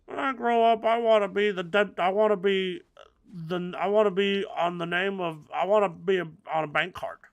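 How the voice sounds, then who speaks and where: A man's voice: high voice, steady tone, moderate pace, creaky, voice pushed up. A man voicing a little boy who stumbles over his words while dreaming aloud. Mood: wistful.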